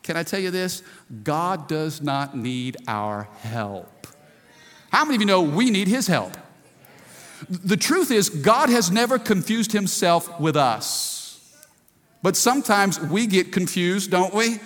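A man in his forties preaches a sermon in a high voice, often throwing rhetorical questions to the congregation. His voice carries with a long reverb, as in a large church hall. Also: lively intonation, unhurried, a bit bright. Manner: preacherly, calls for audience response. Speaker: pastor.

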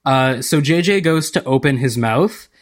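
A man's voice: medium pitch, lively intonation, a little slow, a little hiss or hum. A man playing a tabletop role-playing game, chatting casually and joking while he asks the game master questions. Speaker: player.

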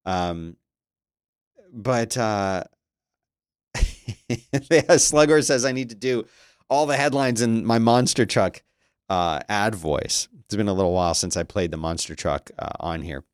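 A man giving casual commentary as a streamer, reading news aloud with sarcastic, animated remarks and frequent laughter. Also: on the low side, unhurried, long pauses, clear, resonant tone, no room sound, clean studio sound.

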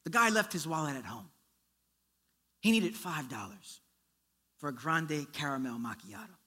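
A man preaching a sermon, telling a story in a lively way and acting out its characters. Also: fairly high pitch, moderate pace. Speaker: pastor.

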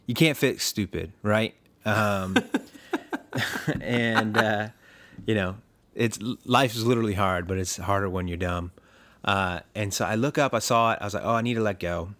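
A man's voice: on the low side, measured pace, a bit bright. A man telling a story in casual podcast chat, chuckling often and rambling with lots of fillers.

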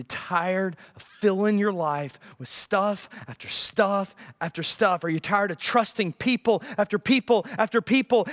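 A man preaching a sermon, swinging from loud bursts down to near-whispers and checking in with "right?" again and again. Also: sits high, animated, moderate pace, hardly any pauses. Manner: peppers lines with "right?". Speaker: pastor.

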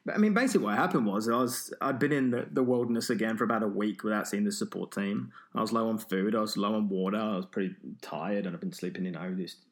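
A man's voice: on the low side, fast talker, hardly any pauses. A man who is an endurance runner, telling a story as an interview guest, rambling with many restarts. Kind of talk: storytelling in conversation.

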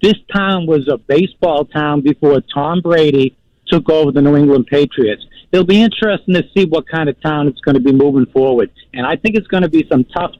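Man, Boston accent, sports radio caller, opinionated, slightly high voice, muffled lo-fi radio sound. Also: darkish tone, no echo. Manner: earnest, opinionated. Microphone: replayed broadcast audio.

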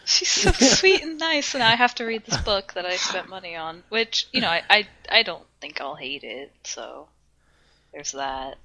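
A lively young woman tells a story on a casual podcast, her voice bright and jumping all over her range. She laughs, swears freely and acts out every line of what people said. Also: fairly low pitch, normal speed. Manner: animated storyteller, swearing, laughing, acting out quotes. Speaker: podcast co-host. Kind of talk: casual chat.

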